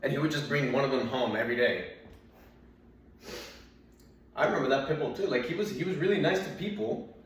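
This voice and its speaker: With a medium-pitched voice, a young comic talks briskly but pauses often while telling a rambling, profane story that includes acting out his dad and his dog. The recording is very echoey, taken from a distant mic, with a little hiss or hum.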